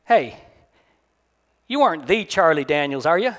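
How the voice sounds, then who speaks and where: A man's voice: on the high side, sing-song, measured pace, a bit bright. A man reading aloud, playing a nosy, folksy middle-aged immigration officer with a drawl at a live reading.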